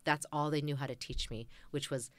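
A woman's voice: low-pitched, a little fast. A woman in her fifties with an American accent, telling stories animatedly as a therapist guest. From United States. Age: 50s. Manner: animated storyteller acting out quotes. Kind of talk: conversational interview.

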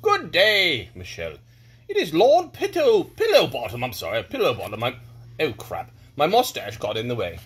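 Man playing a pompous British lord, hammy, wildly swinging pitch, breathy. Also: huge pitch swings, normal speed, a bit bright, heavily acted. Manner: hammy, lurching between shrill and low. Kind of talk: improvised comic birthday video.

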